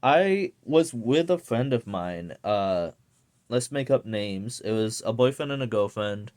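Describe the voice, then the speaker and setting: A man's voice: medium pitch, animated, measured pace, darkish tone. A young man ranting casually to camera, rambling and swearing with lots of fillers. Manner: profane, rambling, many fillers. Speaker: vlogger.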